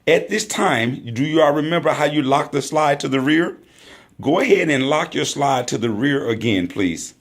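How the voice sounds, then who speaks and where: A man teaching a hands-on training class, praising often and calling out drill commands. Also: mid-range voice. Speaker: firearms instructor.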